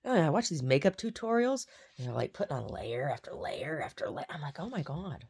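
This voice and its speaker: A woman chats casually to camera about her day. Her voice sits low with a gravelly fry, yet her pitch rises and falls in a lively way. She rambles and circles back over her own words. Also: a little fast. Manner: rambling, repeats herself, chatty. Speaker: painter vlogging her day. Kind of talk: casual chat.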